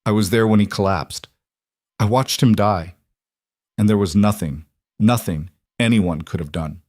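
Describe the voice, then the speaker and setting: A man's voice: on the low side, unhurried, darkish tone, no echo, clean studio sound, close to an everyday voice. A man playing a guarded young husband, curt and raw, worn down and tired. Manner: curt, then raw and cracking.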